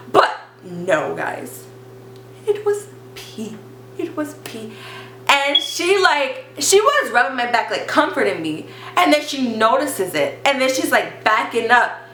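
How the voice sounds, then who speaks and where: Bright-voiced chatty young woman vlogger. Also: on the high side, measured pace, slight background noise. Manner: chatty, constant "like" fillers, animated retelling. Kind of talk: storytime vlog, casual chat. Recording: echoey room.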